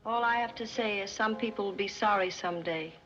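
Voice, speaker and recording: A woman's voice: mid-range voice, a little fast, lightly acted. A young actress playing a spoiled, lovesick rich girl who pouts and talks dramatically in a 1930s film comedy. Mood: melodramatic. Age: young adult. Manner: pouting, dramatic. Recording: muffled 1930s film soundtrack with music.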